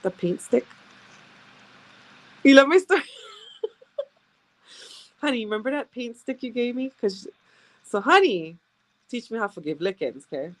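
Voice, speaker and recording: A woman's voice: a little high, lively intonation, measured pace, pauses often. A woman chatting casually with viewers as a sales rep, telling stories and laughing often. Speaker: direct sales rep hosting a live stream.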